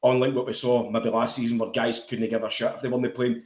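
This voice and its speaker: A man's voice: medium pitch, flat delivery, fast, a little mellow. A man with a Glasgow accent co-hosting a football podcast, chatting bluntly and swearing like a mate at the pub. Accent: Scottish, Glasgow area. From Scotland. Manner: blunt, swears freely, matey. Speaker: podcast co-host. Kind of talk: casual football chat. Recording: echoey room.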